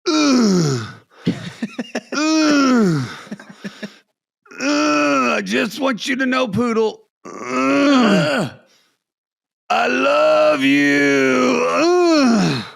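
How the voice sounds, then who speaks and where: A shrill, crying lovesick man, as a podcast host puts him on, wailing in high, gravelly sobs that drag out slowly. The voice swoops up and down as the sobs break. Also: big pitch swings, fairly bright tone, full character voice. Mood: sobbing.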